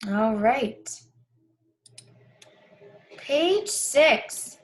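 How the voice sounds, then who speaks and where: A woman teacher walking children through a workbook lesson, patiently repeating the key words slowly. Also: fairly high pitch. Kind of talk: guiding a class through a workbook.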